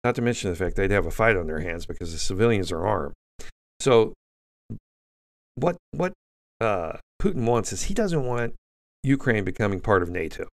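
A man's voice: on the low side, lively intonation, moderate pace, long pauses, no echo, studio quality. A man hosting an opinionated news commentary monologue, blunt and indignant, rambling with frequent restarts. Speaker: host.

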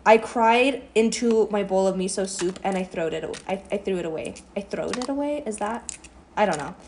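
A woman's voice: mid-range voice, moderate pace, background noise. A young woman rambling through a profane, self-mocking storytime while she cooks breakfast in her kitchen. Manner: chatty, profane, self-deprecating. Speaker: vlogger. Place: home kitchen.

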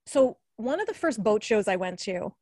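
A woman's voice: mid-range voice, big pitch swings, moderate pace, darkish tone, dry recording. A woman in her forties from the New York area with a New York accent, chatting as an alumni guest in a podcast interview, laughing often and full of fillers. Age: 40s. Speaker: alumni guest, former radio newscaster. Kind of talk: casual interview chat.

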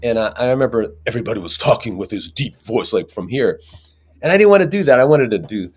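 A man's voice: medium pitch, animated, quick pace, a little mellow, slightly rough, soft background music. A man, an actor, talking casually in an interview, rambling with many restarts and fillers. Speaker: actor guest.

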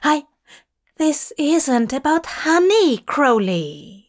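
A woman's voice: fairly high pitch, sing-song, slow, full character voice. A woman voicing a fussy, earnest male angel who stammers and pleads in a storybook reading. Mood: flustered pleading.

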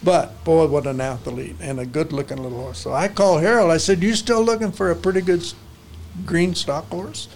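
A man's voice: on the high side, a little fast, creaky, a little hiss or hum. An older man, a horse trainer, telling folksy stories in casual conversation with salty ranch talk. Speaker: interview guest, horse trainer.

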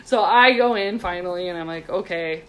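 A woman's voice: mid-range voice, fairly quick. Giggly chatty woman in her thirties. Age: 30s. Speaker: podcast co-host. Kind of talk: casual chat and storytelling.

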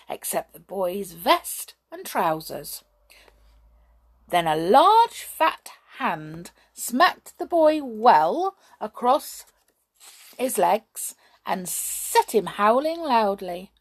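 Woman reading a children's story aloud, slow and animated, chatty asides. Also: medium pitch, breathy edge.

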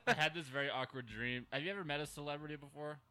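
A man's voice: a little high, quick pace, pushed and bright, no room sound. A man co-hosting a casual podcast, joking and teasing his co-host. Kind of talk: casual chat.

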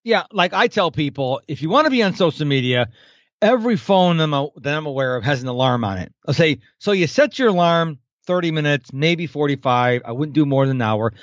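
A man's voice: fairly high pitch, animated, a little fast, no room sound, lo-fi sound. A man in his fifties, a podcast guest, talking animatedly in a casual interview and acting out the people he quotes. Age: 50s.

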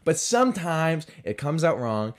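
Animated man ranting on his podcast. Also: on the high side, measured pace. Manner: animated, swings between loud and muttered asides. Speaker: podcast host. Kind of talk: casual solo rant.

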